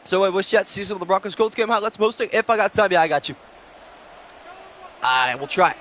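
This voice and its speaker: A man's voice: high-pitched, animated, fairly quick, a bit bright. A young man calling play-by-play on a live stream, switching between announcer-style calls and casual chat with viewers, short on sleep.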